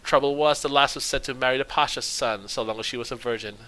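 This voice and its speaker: A man's voice: medium pitch, fast talker, pushed and bright, natural voice, poor audio. A man reading aloud the lines of a boastful male halfling thief who tells a rambling story.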